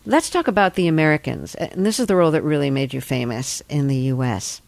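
An interviewer asking measured questions and reading a clear setup for a scene. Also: mid-range voice, lively intonation, no echo. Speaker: interviewer host.

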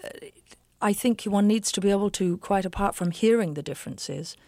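An English stage actress answering interview questions in an articulate, emphatic, opinionated way. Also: female voice, medium pitch, brisk, warm tone, no echo, clean studio sound. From England.

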